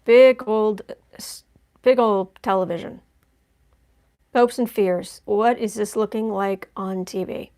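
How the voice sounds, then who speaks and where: A woman's voice: mid-range voice, fairly even intonation, slow pace, mellow. A woman giving a chatty live-stream tarot reading, making wry asides as she lays out cards. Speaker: tarot reader.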